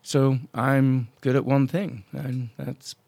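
A man casually telling a story as a podcast guest, animated and acting out the people he quotes, with some swearing. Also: mid-range voice, slow pace, creaky, no echo. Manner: salty, swears freely. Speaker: podcast guest, drone business owner.

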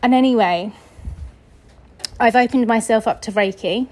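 A woman's voice: fairly high pitch, normal speed, a little mellow, poor audio. A woman from England hosting a podcast, telling a personal story in a chatty, casual way, acting out the voices she quotes. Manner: chatty, acts out quoted voices, laughs often. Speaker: podcast host.

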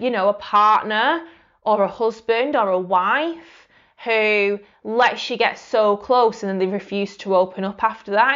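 A woman's voice: medium pitch, a bit bright, dull audio. A woman hosting a solo podcast, talking reflectively and conversationally with lots of fillers and restarts. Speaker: podcast host.

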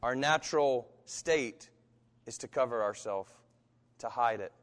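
A pastor preaching a sermon and telling a personal story with animation, acting out the voices of people in it. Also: male voice, mid-range voice, a little slow. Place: church. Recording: reverberant hall.

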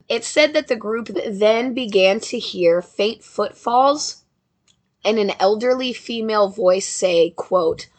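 A young woman tells a ghost story in a relaxed, conversational voice. She drops playful asides to her listeners as she goes, sounding like she is chatting with friends more than reading. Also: medium pitch, measured pace. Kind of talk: casual storytelling narration.

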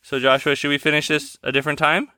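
A woman's voice: deep voice, level tone, fast, pushed and bright, no echo, clean studio sound. A woman hosting a casual podcast chat with a child, speaking in a patient, coaxing, teacherly way into a desk microphone. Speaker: podcast host.

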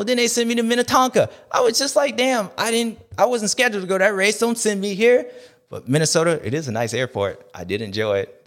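A man with a somewhat high-pitched voice hosts a race recap show. He rambles in an animated, slangy rant, piling up jokes and asides as he talks straight at his audience. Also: creaky. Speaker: show host.

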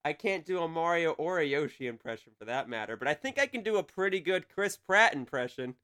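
A man's voice: a little high, lively intonation, brisk, pushed and bright, clear, resonant tone. A man chatting as a podcast guest, playful and teasing but a bit self-conscious. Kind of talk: casual chat.

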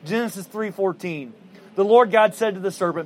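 Male preacher, high voice, conversational sermon, rhetorical questions, faint background hum. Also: normal speed, darkish tone. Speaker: pastor.

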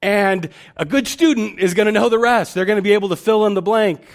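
A man's voice: sits high, a little fast. A male pastor giving a conversational sermon, often restarting and repeating words as he thinks aloud.

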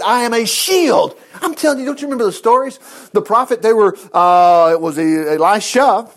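At a moderate pace, a man with a high voice delivers an informal sermon full of lively, conversational Bible retellings. He acts out the quotes and slips in jokes along the way.

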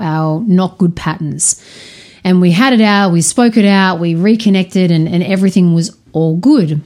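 A woman's voice: medium pitch, a little mellow. A woman telling a candid personal story in a frank, unfiltered way, swearing freely and often restarting her sentences.

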